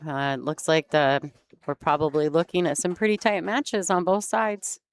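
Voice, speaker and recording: A woman's voice: deep voice, fairly even intonation, normal speed. A woman commentating a pool match in a chatty way, laughing easily and explaining the play. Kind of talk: sports commentary.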